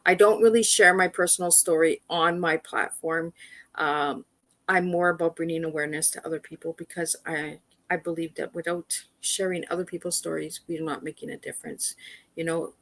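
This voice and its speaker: A woman's voice: on the low side, steady tone, moderate pace, fairly bright tone, no echo. A woman speaking as a guest on a livestream, earnest and direct, often repeating words as she urges listeners to ask their doctors. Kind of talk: personal awareness talk. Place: livestream video call.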